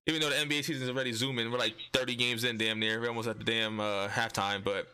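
A man's voice: medium pitch, level tone, fast, pushed and bright, smooth. A young man co-hosting a podcast, trading blunt, profane banter and repeating himself for emphasis. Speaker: podcast co-host.

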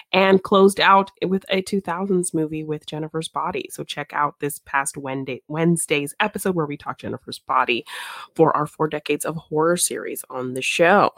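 Lowish-voiced woman podcast co-host. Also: fairly bright tone, no echo. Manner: chatty, self-deprecating. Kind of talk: casual podcast outro chat.

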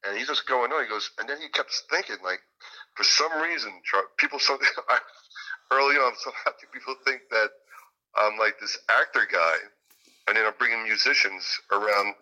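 A man's voice: medium pitch, normal speed, sharp tone, poor audio. A man being interviewed as a music producer and guitarist, telling stories in a rambling way with many fillers and restarts. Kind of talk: casual interview chat.

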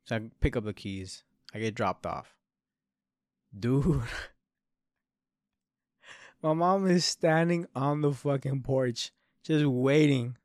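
A man's voice: mid-range voice, animated, slow, long pauses, a little mellow, no room sound, studio quality. A man in his early twenties telling a long story in rambling casual talk, swearing a lot and calling the listener bro and dude. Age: 20s. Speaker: podcast host.

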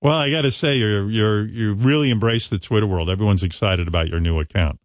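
A man's voice: fairly low pitch, fairly quick, no room sound. Chatty male radio host, dry studio sound. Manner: chatty, teasing interviewer. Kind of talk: casual radio banter.

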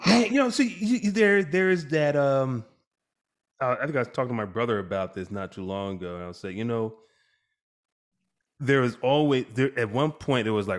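Animated man telling family stories. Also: mid-range voice, moderate pace. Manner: animated storyteller, acts out quotes, laughs often. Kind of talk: casual chat.

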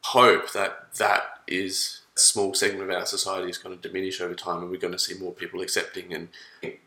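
A man's voice: deep voice, level tone, a little fast, bright, forceful tone, echoey room, rough recording. A man, thinking aloud in a casual chat with restarts. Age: 30s. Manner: thoughtful, rambling with restarts.

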